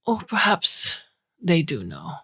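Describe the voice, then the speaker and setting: A smooth, philosophical older man with a faint Romanian accent, read by a woman. He speaks slowly and in measured phrases, with a low tone. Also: wildly swooping pitch, pushed and bright, full character voice. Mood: musing.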